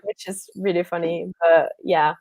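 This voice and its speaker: A woman from France with a French accent, guesting on a livestream, chatting in a lively, storytelling way with frequent restarts. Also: on the low side, a little slow. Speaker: guest author. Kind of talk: casual chat on a livestream.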